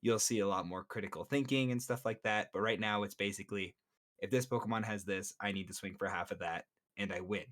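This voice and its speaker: A man's voice: fairly low pitch, fairly even intonation, fairly quick, fairly bright tone. A man co-hosting a casual podcast, explaining game mechanics at length and swearing now and then. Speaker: podcast co-host. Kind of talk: casual chat.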